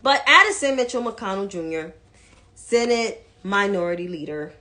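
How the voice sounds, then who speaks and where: A woman's voice: mid-range voice, animated, normal speed, sharp tone. A woman giving casual political commentary in a blunt, profane, mocking way.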